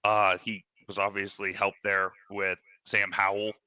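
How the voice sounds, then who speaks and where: A man's voice: lowish voice, monotone, unhurried, sharp tone, no echo, muffled recording. A man co-hosting a casual sports show, laid-back and analytical. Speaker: co-host.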